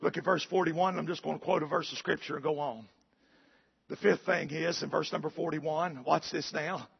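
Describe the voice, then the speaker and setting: Man, preacher, husky gravelly voice, high-pitched, folksy sermon, muffled recording. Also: fairly even intonation, normal speed. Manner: folksy storytelling that builds to shouted preaching. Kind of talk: storytelling sermon. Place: church.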